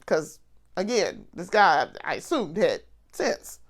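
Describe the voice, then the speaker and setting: Sick woman vlogger, lowish voice, congested, casual and blunt, curses a lot while venting. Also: very animated, slow pace. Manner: blunt and ranting, swears freely, stumbles and restarts. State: sick with covid, congested and coughing. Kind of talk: casual vlog rant.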